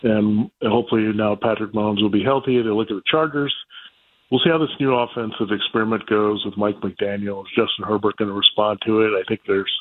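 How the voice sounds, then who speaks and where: A man appearing as a guest football analyst on a radio show, calmly laying out his views. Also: lowish voice. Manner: measured, analytical. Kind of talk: remote radio interview. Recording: tinny phone line.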